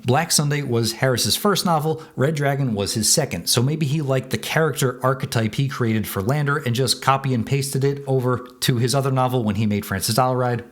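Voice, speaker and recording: Male reviewer, mid pitch, plainspoken and casual commentary read. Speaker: book and film reviewer. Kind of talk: scripted video commentary.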